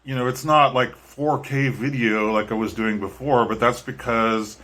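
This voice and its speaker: A man chats casually to his viewers, drifting from thought to thought. He hesitates often, filling gaps with ums and restarting his sentences. His pitch sits at an ordinary middle for a man. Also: steady tone, moderate pace, fairly bright tone. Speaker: vlogger and musician. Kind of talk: casual talk to camera.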